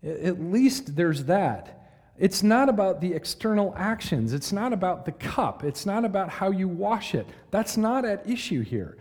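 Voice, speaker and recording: Male Bible teacher, mellow voice on the higher side, lively delivery, big reverberant hall. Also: unhurried. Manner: animated, asks listeners questions, reads verses dramatically. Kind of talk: conversational Bible lesson.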